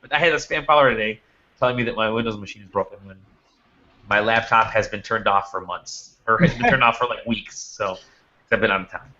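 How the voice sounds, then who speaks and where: A man hosts a casual podcast with a bright, forceful voice, rambling through his stories with frequent restarts. The audio is dull and lo-fi. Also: fairly low pitch, fairly quick. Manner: rambling storyteller with many restarts. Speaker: podcast host.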